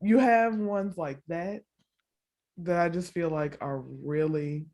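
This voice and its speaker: A woman co-hosting a podcast, casually recapping a dating show with lots of laughter and acted-out quotes. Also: slow. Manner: animated storytelling, acts out quotes with big pitch jumps; laughs often, fills with "like" and "all the things". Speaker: podcast co-host.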